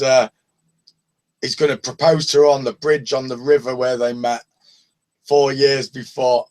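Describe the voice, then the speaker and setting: Animated Northern English man telling stories. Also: a little high. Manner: animated storyteller, laughs often, swears. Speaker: open mic hangout participant. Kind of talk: casual chat, anecdote telling. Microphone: video call.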